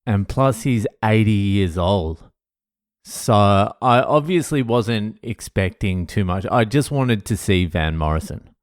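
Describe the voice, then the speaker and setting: A man's voice: low voice, a little mellow, no echo, clean studio sound. A middle-aged man telling a blunt, profane and emotional story in a casual monologue to camera. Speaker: vlogger.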